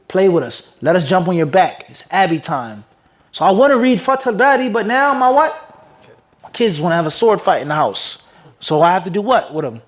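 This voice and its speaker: A man teaching an Islamic class and answering questions. He keeps pausing to ask the class "what?" so they fill in the word, and swings from loud emphasis to quiet asides. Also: fairly high pitch, rough recording. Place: classroom with a live audience.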